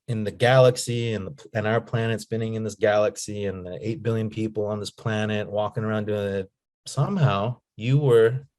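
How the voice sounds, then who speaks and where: A man telling stories in a casual interview as a guest, animated and slangy. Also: on the low side. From United States. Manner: animated storyteller, slangy, says "man" and "you know". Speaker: guest, nonprofit founder.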